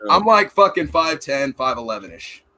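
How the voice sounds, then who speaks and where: Man, bright forceful voice, slightly high, casual swearing storyteller, podcast chat. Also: very animated, normal speed. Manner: swearing, rambling anecdotes with acted-out quotes. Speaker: podcast host.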